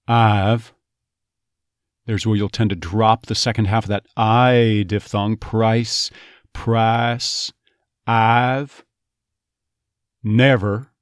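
A man's voice: on the low side, darkish tone, no room sound, studio quality. A man working as an accent coach, teaching step by step and demonstrating sounds word by word. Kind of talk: instructional teaching.

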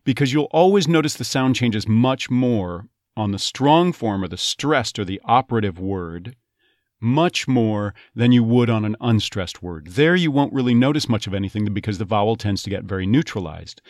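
Male accent coach, low voice, dry close sound; methodical, demonstrates sounds word by word. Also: animated, normal speed, no echo. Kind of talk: instructional teaching.

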